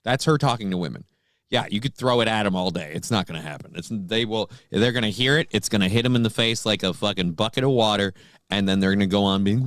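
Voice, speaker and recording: A man's voice: on the low side, fast talker, a bit bright, no echo, studio quality. A man hosting a morning talk show, chatting casually in a blunt, profane, joking way. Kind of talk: casual chat.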